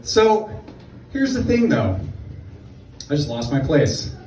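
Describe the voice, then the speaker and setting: A man's voice: on the high side, huge pitch swings, takes it slowly, a little mellow, slight background noise. Man doing sarcastic stand-up, echoey club. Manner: sarcastic, rambling storytelling with asides. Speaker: stand-up comedian. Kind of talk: stand-up comedy set. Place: comedy club stage. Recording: echoey club room from far off. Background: audience laughter.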